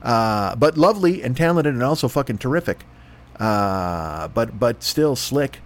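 A man rambles through a comedy ad read with a lively, swooping voice that keeps jumping up and down. He sounds dry-throated and swears freely. He drops into mock announcer voices now and then. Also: mid-range voice, measured pace. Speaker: podcast host.

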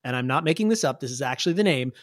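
Chatty, animated game master. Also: medium pitch, rapid-fire. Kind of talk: narrating a tabletop game.

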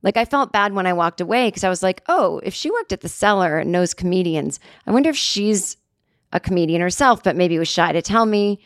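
A woman comedian hosts her podcast from a hotel room, speaking briskly and expressively in a lowish voice, captured in studio quality with no room sound. She spins a casual, digressive story full of "like" and "you know".

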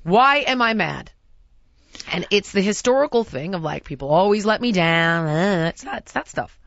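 A woman hosting a casual chat, telling a story in an animated, exasperated way and acting out what people said. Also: medium pitch, normal speed, vocal fry, no echo, highs cut off. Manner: animated, exasperated, acts out quotes. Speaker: podcast host.

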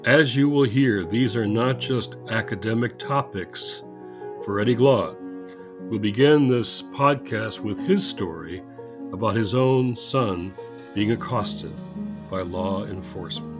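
A man hosting a podcast who reads a measured scripted introduction and then talks in conversation. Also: fairly low pitch, over music. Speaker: podcast host.

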